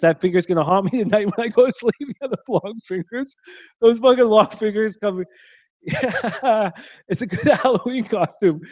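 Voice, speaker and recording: High-voiced man hosting a crude, laughing stream. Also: darkish tone, dry recording. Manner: crude, joking, laughs often. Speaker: sports betting show host. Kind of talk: live-stream chat reading. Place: hotel room.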